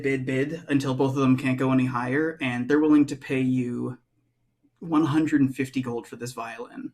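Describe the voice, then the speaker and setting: A man's voice: medium pitch, a little mellow. A man narrating as game master in a tabletop game, rambling loosely with lots of fillers.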